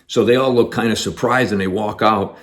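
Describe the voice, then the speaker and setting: A man, an actor, telling a personal story in an animated way, acting out the dialogue as he goes. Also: on the low side, fairly quick.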